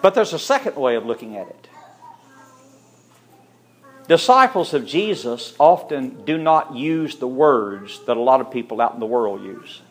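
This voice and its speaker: A man's voice: medium pitch, sing-song, measured pace. Storytelling preacher, man. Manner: storytelling preacher who acts out the characters' lines. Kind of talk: sermon.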